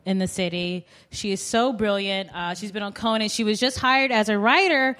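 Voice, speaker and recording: A woman's voice: medium pitch, moderate pace, a bit bright. A woman co-hosting a live comedy show, who reacts with big laughs and hypes up the next guest. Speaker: co-host.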